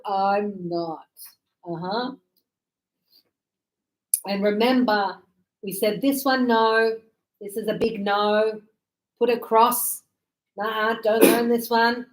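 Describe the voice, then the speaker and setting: A woman teaching an English grammar lesson to a class, speaking slowly and deliberately and sounding out words for her students. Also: mid-range voice. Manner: slow, deliberate, models pronunciation.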